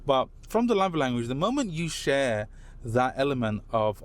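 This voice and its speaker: A man from London with a London English accent, a podcast guest telling animated stories and tagging his points with "right?". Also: medium pitch, moderate pace. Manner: animated anecdotes, tags statements with "right?". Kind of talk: casual chat, storytelling.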